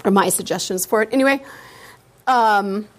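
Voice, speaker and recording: A middle-aged woman teacher talking informally to fellow teachers, lively and acting out students' answers in little voices. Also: mid-range voice, moderate pace. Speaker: teacher leading a workshop for teachers.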